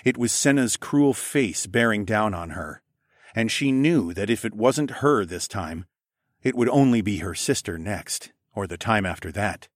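A man reads a first-person fantasy story in a fairly low voice. His delivery is expressive and his intonation is lively. The recording is dry, with no room sound. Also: a little slow, no echo. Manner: expressive, acts out dialogue. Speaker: audiobook narrator.

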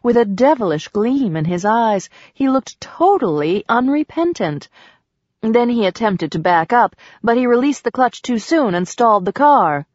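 Brief: woman audiobook narrator, even sensual delivery, close dry booth sound. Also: fairly high pitch, a little slow, no echo. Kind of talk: scripted narration. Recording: dull dry recording.

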